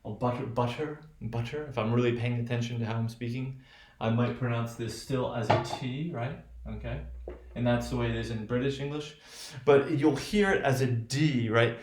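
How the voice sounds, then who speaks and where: A male teacher with a General American accent, lecturing on pronunciation, halting, restarting often and checking with "right?". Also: medium pitch, fairly even intonation, roomy sound, background noise. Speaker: phonetics teacher. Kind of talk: recorded remote lecture.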